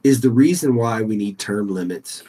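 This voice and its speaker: A man's voice: fairly low pitch, animated, moderate pace, warm tone. A man co-hosting a casual podcast chat in an easygoing, hedging way. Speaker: podcast co-host.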